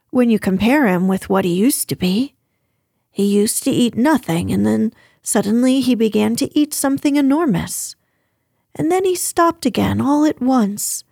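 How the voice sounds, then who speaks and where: A woman's voice: a little high, gravelly, darkish tone, breathy edge, dry recording, clean studio sound, heavily acted. A woman reading the lines of a flustered, deferential middle-aged housekeeper who speaks in a fussy, hesitant way.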